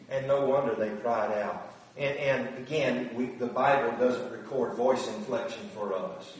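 A man's voice: medium pitch, fairly even intonation, unhurried. A man giving a conversational Bible lesson, earnest and full of rhetorical questions to his listeners. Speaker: Bible teacher. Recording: very echoey room from a distant mic.

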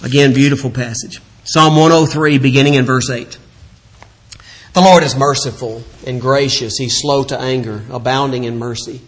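A man giving a sermon, telling a personal story in a voice that swings from hushed confession to animated retelling. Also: medium pitch, moderate pace. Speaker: preacher.

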